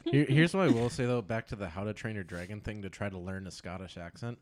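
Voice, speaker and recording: A man co-hosting a comedy podcast in relaxed banter. He talks in a wry, offhand way. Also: lowish voice, quick pace. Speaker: podcast co-host. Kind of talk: casual comedic chat.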